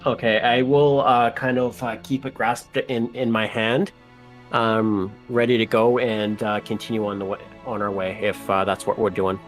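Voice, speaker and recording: Hesitant low-voiced male player. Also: flat delivery, moderate pace, faint music behind. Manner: hesitant, many fillers. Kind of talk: casual game talk.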